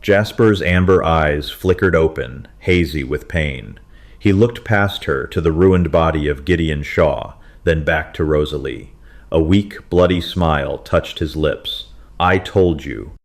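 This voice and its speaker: A man narrating a dramatic western romance story in a steady, scripted storytelling manner. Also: extremely low pitch, measured pace.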